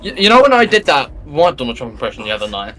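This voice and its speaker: A man's voice: mid-range voice, very animated, fast talker, pushed and bright, faint music behind. A man chatting on a gaming stream, telling stories and getting exasperated at the game. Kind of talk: casual gaming stream chat.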